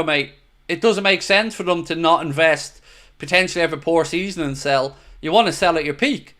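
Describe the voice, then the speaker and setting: A man's voice: on the high side, moderate pace, fairly bright tone. A man hosting a football fan livestream, chatting casually and answering viewers in an earnest, opinionated way. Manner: opinionated, earnest, talks straight to viewers with "mate". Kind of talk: casual livestream chat, reading viewer comments.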